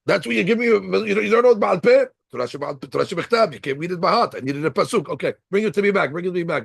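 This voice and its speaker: A man, a rabbi, giving an animated Torah class, acting out little scenes as he explains the law. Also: high-pitched, vocal fry, husky, no echo. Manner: acts out little scenes, lively and conversational.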